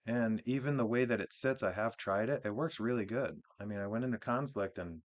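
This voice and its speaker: Male gaming host, low voice, relaxed rambling walkthrough, off-the-cuff delivery. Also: fairly quick, few pauses. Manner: relaxed, rambling, with frequent restarts and fillers. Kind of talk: casual game build walkthrough.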